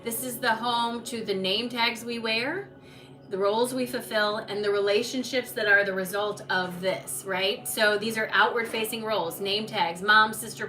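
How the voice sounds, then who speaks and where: A woman's voice: mid-range voice, bright, forceful tone. A woman hosting a live oracle card reading stream, chatty and reassuring, talking to viewers by name. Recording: distant mic with background noise.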